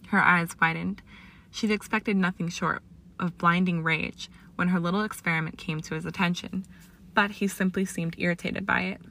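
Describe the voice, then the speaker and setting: Low, gravelly woman reading a story aloud. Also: normal speed, a little hiss or hum. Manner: steady storytelling with small slips. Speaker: narrator. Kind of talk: reading fan fiction aloud.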